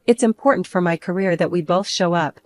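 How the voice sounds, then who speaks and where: A woman's voice: lowish voice, brisk, dry recording, faint music behind, natural voice. A woman voicing a controlling adult husband who talks in a firm, clipped, scolding way in a storybook narration. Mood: stern.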